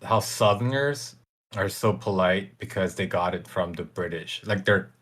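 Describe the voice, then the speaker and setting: A man's voice: low voice, measured pace, a bit bright. A man co-hosting a casual podcast, teasing his partner and searching aloud for words. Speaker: podcast co-host.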